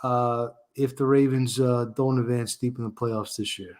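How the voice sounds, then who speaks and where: A man's voice: medium pitch, fairly even intonation, moderate pace, a little mellow. Rambling man on a sports podcast. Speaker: podcast co-host. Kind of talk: casual sports podcast chat.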